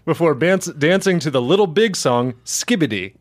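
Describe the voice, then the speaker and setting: A man's voice: a little high, expressive, moderate pace, few pauses. A man co-hosting a casual comedy podcast, laughing often and reading stories aloud. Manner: laughs often, reads news aloud with mock voices. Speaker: podcast co-host.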